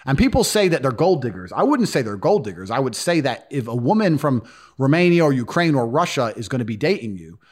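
A man telling stories as a podcast guest in a blunt, profane, casual way. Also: mid-range voice. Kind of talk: casual storytelling.

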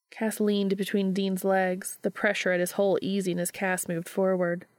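A woman narrating a story in a steady, even-paced reading. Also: mid-range voice, normal speed, few pauses, dry recording, clean studio sound. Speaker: audiobook reader.

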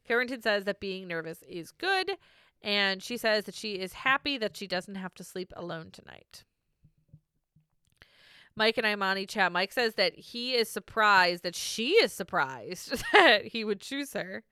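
A woman's voice: mid-range voice, big pitch swings, unhurried, bright, forceful tone, clear, resonant tone, no room sound, clean studio sound. A woman co-hosting a casual podcast, recapping a reality show, laughing often and swearing freely.

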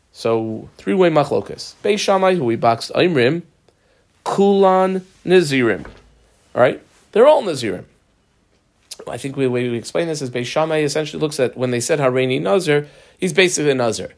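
A man giving a casual Talmud lesson, acting out the characters in quick quoted voices. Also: medium pitch, vocal fry. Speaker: Talmud teacher.

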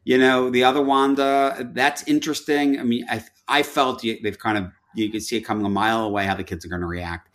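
A man's voice: mid-range voice, steady tone, a little fast, hardly any pauses, fairly bright tone. A man who is a guest on a podcast, chatting casually about a movie and rambling with many fillers. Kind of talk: casual movie review chat.

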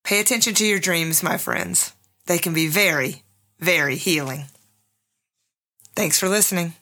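Bright-voiced woman telling a personal story. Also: on the low side, a little slow. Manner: emotional, candid, addresses listeners directly. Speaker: podcast host.

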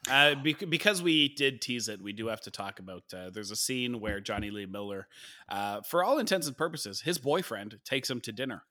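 A middle-aged man co-hosting a podcast in casual chat, frank and profane, with quick asides. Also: mid-range voice, animated, bright, forceful tone. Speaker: podcast co-host.

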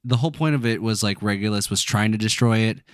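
Low-voiced man, curious podcast guest. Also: fast, clear, resonant tone, dry recording, studio quality. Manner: asks curious questions, short agreeing replies. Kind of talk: casual podcast chat.

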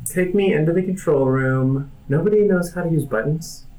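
Rambling, joking game master. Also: male voice, fairly high pitch, moderate pace, warm tone. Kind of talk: narrating a tabletop game. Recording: echoey room.

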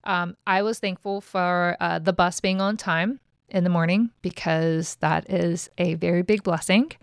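A woman's voice: on the low side, steady tone, measured pace, clean tone, dry recording, clean studio sound. A middle-aged woman who hosts a podcast, talking frankly and casually and swearing now and then. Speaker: podcast host. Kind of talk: casual motivational chat.

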